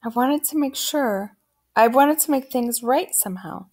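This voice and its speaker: A woman reading aloud and voicing a tearful, frightened mother with a high, emotional voice. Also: unhurried, darkish tone. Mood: distraught.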